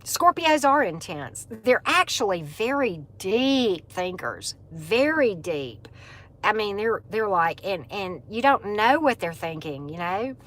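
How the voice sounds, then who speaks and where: This is a middle-aged woman chatting live with her viewers. She has an easy, chatty, animated manner and laughs often. Her voice sits in a comfortable middle pitch. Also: a little slow, few pauses. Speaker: livestream host. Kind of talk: casual live chat.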